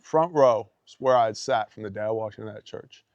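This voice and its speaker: A man's voice: lowish voice, fairly quick, a little mellow, dry recording. A man casually telling a personal story in a blunt, emphatic way, often tossing in "man". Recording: dull, dry lo-fi podcast audio.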